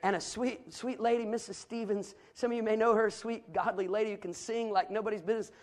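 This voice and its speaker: A man from the northern United States preaches in a high, ringing voice. He piles up phrases toward loud peaks, then drops to hushed asides. The tone is earnest and pastoral throughout. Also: fairly even intonation, fairly quick, crowd noise. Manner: emphatic preaching, rising to loud climaxes and dropping to quiet asides. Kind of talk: sermon. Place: church sanctuary.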